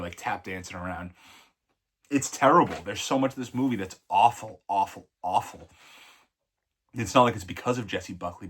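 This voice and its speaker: A man's voice: fairly low pitch, a bit bright, husky. A man giving a casual, blunt film review, rambling and correcting himself mid-sentence. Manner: blunt and opinionated. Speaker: movie reviewer.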